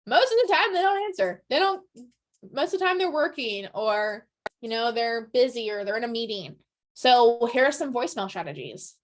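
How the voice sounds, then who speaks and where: Upbeat, high-voiced woman giving a training talk. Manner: upbeat, chatty, peppers lines with "right?". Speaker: real estate team trainer. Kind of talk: training presentation to colleagues.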